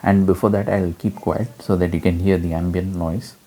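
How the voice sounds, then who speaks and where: A man explaining an audio mixer in a relaxed hands-on demo, with frequent fillers. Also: low voice, moderate pace. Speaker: gear reviewer.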